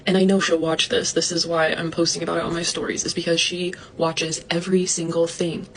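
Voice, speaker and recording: Indignant young woman ranting fast. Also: flat delivery, a bit bright, slight background noise, poor audio. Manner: indignant, fast-talking, swearing, mimicking others in high voices. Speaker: livestreamer venting about online drama. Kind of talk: ranting monologue to followers.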